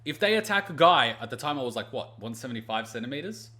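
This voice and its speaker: A man's voice: mid-range voice, fast. A man hosting a let's play, telling stories and ranting in casual commentary, swearing freely. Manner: animated, ranting storyteller who swears freely. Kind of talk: casual commentary over gameplay.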